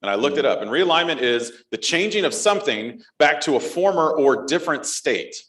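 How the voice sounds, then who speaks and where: A man from Texas co-hosting a live podcast before an audience, playful and quick to laugh. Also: fairly high pitch, lively intonation, a bit bright. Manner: playful, jokey, laughs often. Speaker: podcast co-host. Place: conference hall stage. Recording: echoey hall with crowd mic.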